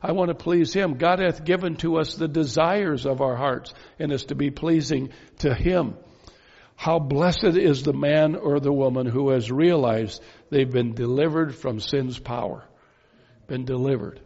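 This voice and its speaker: A man preaching a sermon, pressing his points with emphatic rhetorical questions and slow, stressed phrases. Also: on the high side, gravelly, a little mellow. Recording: dull lo-fi sound with long reverb in a hall.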